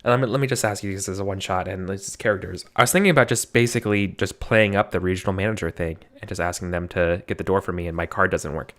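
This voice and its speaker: A man with a Californian accent and a fairly low voice, rambling through his turn in a tabletop game. He restarts often and laughs along with the others as he talks. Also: fast, few pauses, a bit bright. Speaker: player. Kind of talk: casual tabletop play.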